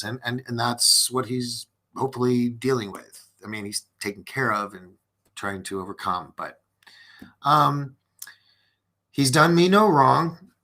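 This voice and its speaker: A man hosts a late-night live-streamed podcast, chatting casually and reading viewer comments with many restarts and fillers. His voice is medium in pitch, pushed and bright.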